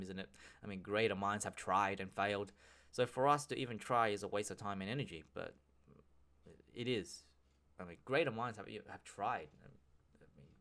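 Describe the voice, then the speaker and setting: A man's voice: fairly low pitch, a bit bright. A man hosting a solo podcast, talking casually and rambling with frequent restarts, slang and swearing. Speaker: podcast host.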